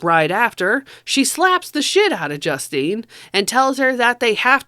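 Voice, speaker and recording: A woman's voice: mid-range voice, very animated, unhurried, hardly any pauses, fairly bright tone, no echo, studio quality. A woman giving a casual spoken movie review, chatty and profane, often tossing in "you know".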